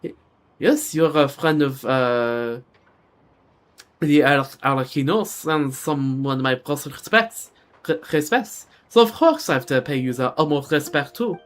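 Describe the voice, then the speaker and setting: A man voicing a polite, formal woman officer in a game, with a halting attempt at a French accent, stumbling over formal phrases. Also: on the high side, lively intonation. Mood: courteous. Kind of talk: reading game dialogue aloud.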